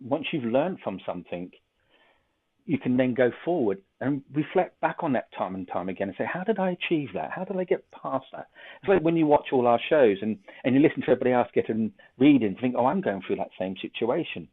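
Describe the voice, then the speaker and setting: A man's voice: medium pitch, animated, a little fast, breathy edge. A man hosting a psychic show, chatty and joking as he gives card readings and runs a quiz over a video call. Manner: chatty, joking, thinks aloud. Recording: tinny phone-like line.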